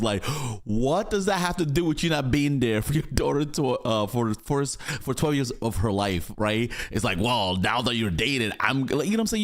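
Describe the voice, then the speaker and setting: A man hosting a reaction video, talking casually in an animated, rambling way with chuckling asides. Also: mid-range voice, normal speed.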